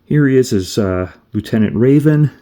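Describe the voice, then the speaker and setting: A man's voice: medium pitch, expressive, moderate pace, mellow, slight background noise. A man casually reviewing an action figure, meandering and thinking aloud as he handles each piece. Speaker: toy reviewer.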